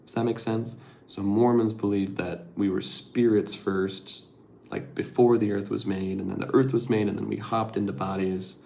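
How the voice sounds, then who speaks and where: A middle-aged man hosting a casual livestream, reading viewer comments and rambling softly with lots of fillers. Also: on the low side, flat delivery, moderate pace, creaky, slight background noise. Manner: rambling, soft-spoken, with many fillers. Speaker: livestream host.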